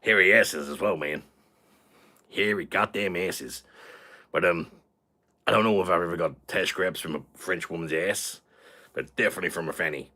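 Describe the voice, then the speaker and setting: A man's voice: low voice, normal speed, pauses often, bright, forceful tone. A man playing a crude, boastful character on a live stream, talking rowdily and sounding tipsy from shots. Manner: crude, rowdy, swaggering banter. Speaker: livestream host.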